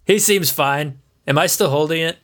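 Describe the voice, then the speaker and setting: A man's voice: fairly high pitch, normal speed, fairly bright tone. A man playing a tabletop role-playing game, joking in a dry way. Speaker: player.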